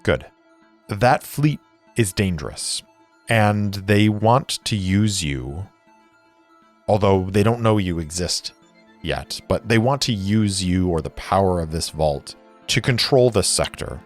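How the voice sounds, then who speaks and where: A man voicing a calm, guarded female spacefarer in a tabletop game, speaking in a measured way. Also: deep voice, faint music behind. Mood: earnest.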